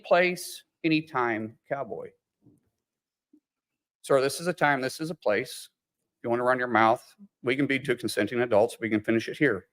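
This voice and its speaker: A man's voice: medium pitch, normal speed, pauses often, a bit bright. A man at a hearing, reading out insults and taunting a witness in a combative manner. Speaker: senator at a hearing. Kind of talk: confrontational hearing exchange.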